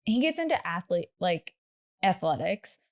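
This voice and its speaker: A woman's voice: fairly low pitch, very animated, unhurried. A woman co-hosting a podcast, telling a true story in casual chat with laughing asides and lots of "like".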